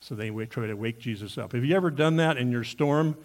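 A male pastor delivering a sermon in an earnest, questioning manner. His voice sits at an ordinary middle pitch, and he turns often to his listeners with direct questions. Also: a little fast. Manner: earnest, asks the congregation questions.

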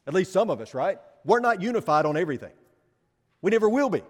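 A man's voice: sits high, very animated, fast talker, in a large hall. A male preacher giving an emphatic sermon, repeating his phrases and asking the congregation rhetorical questions.

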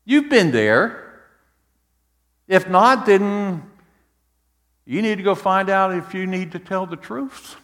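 A middle-aged male pastor preaching a sermon, animated and swinging from soft to loud, repeating himself and asking "amen?". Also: high voice, slow pace, long pauses, in a large hall. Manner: repeats words and restarts, asks the congregation "amen?". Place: church sanctuary.

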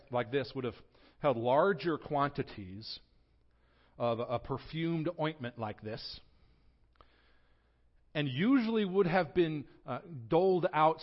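Expressive man preaching a sermon. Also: on the high side. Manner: expressive preaching, swings from quiet to loud. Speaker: pastor. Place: church sanctuary. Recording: dull lo-fi sound.

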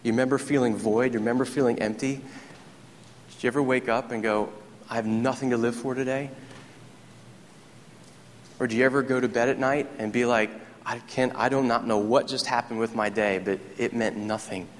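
A man preaching a sermon as pastor, telling stories with rising excitement. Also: mid-range voice, normal speed, pauses often, big-room sound, slight background noise. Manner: animated, storytelling preacher who gets excited. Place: church sanctuary.

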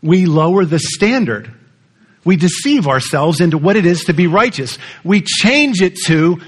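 Man, pastor, sermon, husky voice, animated pitch, chatty storytelling, asks the congregation questions. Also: unhurried.

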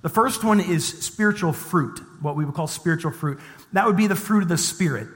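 A middle-aged man delivering a sermon from the pulpit, his voice sitting a touch high for a man. He shifts easily between reading scripture and telling light, self-deprecating stories in a chatty tone. The sound carries a long reverb from a large church hall. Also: brisk, a bit bright. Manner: conversational with humorous personal asides. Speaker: pastor. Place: church sanctuary.

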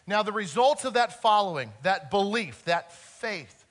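A man preaching a sermon earnestly, swinging between loud emphasis and soft, quiet moments. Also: high voice, animated, measured pace. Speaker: pastor.

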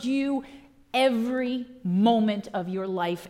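A woman pastor preaching a sermon with impassioned delivery, swinging from loud declarations to hushed lines. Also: medium pitch, measured pace.

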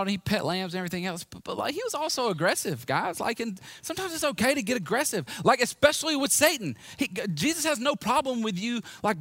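A man delivers a sermon in a casual, animated way, breaking off into asides and questions for his listeners. His voice sits a little on the high side, and the recording is dry and close, with no room sound. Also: no echo. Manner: conversational, lively preaching with asides and audience prompts. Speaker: preacher.

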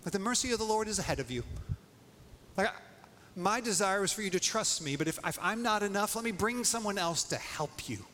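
A preacher speaking as God in the first person, earnest and reassuring, declaring mercy and patience. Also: male voice, high voice, animated, brisk, sharp tone, voice pushed up. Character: merciful, patient divine male voice of God. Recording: long hall reverb, faint noise.

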